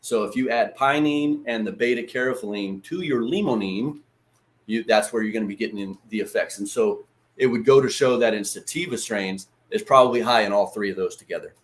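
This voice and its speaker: Hosting a casual livestream lesson, a man with a lowish voice talks fairly quickly in a loose, chatty manner. He swears freely and greets viewers by name.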